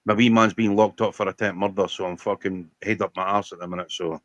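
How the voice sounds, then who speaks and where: A man's voice: low-pitched, fairly even intonation, quick pace, dry recording, dull audio. A Scottish man with a brash, sweary, teasing manner, calling into an online radio stream. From Scotland. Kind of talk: casual call-in banter.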